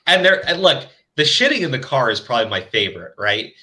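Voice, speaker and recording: Brief: sharp, bright-voiced male host, cuts in often, emphatic and profane. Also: mid-range voice, big pitch swings, fairly quick. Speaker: podcast host. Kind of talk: casual chat.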